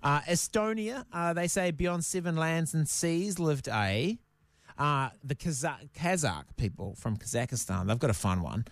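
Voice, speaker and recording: A man tells fun facts on a casual podcast in a playful, chatty way. His voice sits a little high and moves a lot in pitch. The sound is close and dry, with little room in it. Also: animated, unhurried, no room sound. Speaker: podcast co-host presenting a fact segment. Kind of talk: casual chat.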